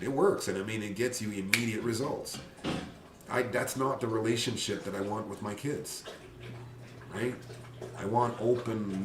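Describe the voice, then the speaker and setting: A man, a father of a big family, talking earnestly about parenting, often restarting his sentences. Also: mid-range voice. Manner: earnest, halting with many restarts. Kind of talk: casual talk show conversation. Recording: roomy and distant with faint noise.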